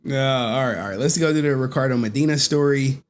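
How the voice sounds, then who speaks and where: A man's voice: medium pitch, a little fast, a little hiss or hum. A man hosting a stream, giving casual, rambling commentary and repeatedly breaking into giggles. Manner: giggly, breaks into frequent laughter; loose, rambling, repeats himself. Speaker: streamer host.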